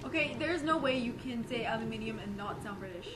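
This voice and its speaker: A woman's voice: on the high side, animated, a little fast. A woman chatting casually and rambling through stories while playing a video game with friends. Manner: chatty, rambling storyteller with many fillers. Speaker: game player. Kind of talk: casual chat while gaming. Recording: loud background noise.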